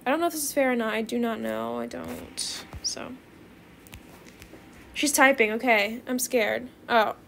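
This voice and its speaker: A teenage girl chatting excitedly through casual gameplay commentary, bubbly and calling viewers bestie. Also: a little high, unhurried, creaky, a little hiss or hum. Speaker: gaming video creator.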